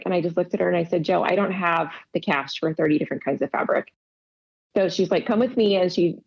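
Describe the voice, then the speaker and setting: A woman's voice: medium pitch, gravelly, a little mellow. A woman casually telling stories in an interview, laughing often and acting out quoted dialogue. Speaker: podcast guest, quilter. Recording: dull lo-fi audio.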